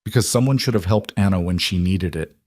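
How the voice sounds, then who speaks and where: A man voicing a gentle widowed cowboy. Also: low voice, a little fast, dry recording, clean studio sound. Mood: grieving. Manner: soft-spoken, quietly earnest.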